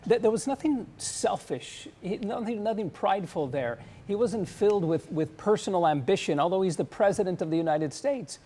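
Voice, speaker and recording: Higher-voiced male news anchor. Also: lively intonation, normal speed, few pauses, warm tone. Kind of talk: live broadcast commentary.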